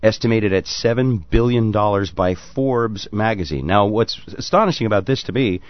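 A man's voice: on the low side, expressive, normal speed, no echo, muffled recording. A man hosting a talk radio show, taking calls and cracking jokes. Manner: wisecracking, teasing.

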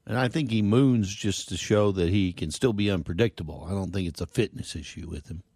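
Man, radio co-host, low husky voice, wry deadpan comments. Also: brisk, no echo, studio quality. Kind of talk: casual radio banter.

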